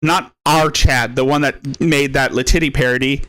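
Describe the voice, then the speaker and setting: A man hosting a live stream, mocking a clip with crude, profane commentary, laughing and shouting insults. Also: mid-range voice, steady tone, normal speed, no echo, studio quality. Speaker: stream host.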